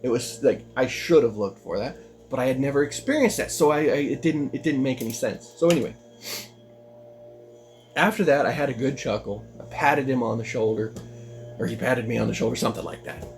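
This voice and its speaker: An American man tells a personal story in a casual vlog, rambling with plenty of "you know" and "like," and his voice jumps up when he gets worked up. He speaks briskly in a mid-range, creaky, darkish voice, with soft music playing in the background.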